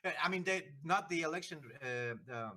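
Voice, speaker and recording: A man in a heated online voice-chat argument, talking in halting starts and stammered restarts. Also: fairly high pitch, lively intonation, bright, forceful tone.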